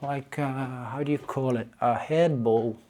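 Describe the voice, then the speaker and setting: Italian man, native speaker, vlogging from his kitchen to a tripod camera; mellow, warm tone, exasperated rant with frequent restarts. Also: mid-range voice, unhurried. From Italy. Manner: animated, exasperated, many restarts. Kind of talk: casual ranting vlog to camera. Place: home kitchen. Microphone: camera on small tripod.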